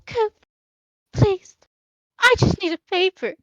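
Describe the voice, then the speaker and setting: A woman's voice: extremely high pitch, takes it slowly, no room sound, muffled recording, pitched above the performer's own voice. Woman doing a flustered, pleading male wizard.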